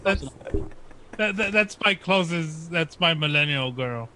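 A man's voice: fairly high pitch, expressive, unhurried, bright, forceful tone, a little hiss or hum. A man joking and laughing as a panelist on a casual podcast.

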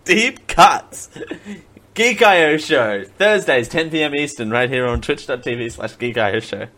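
A man's voice: mid-range voice, expressive, measured pace, sharp tone. A man hosting a casual comedic live stream, laughing often and making silly mouth sound effects. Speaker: live-stream show host.

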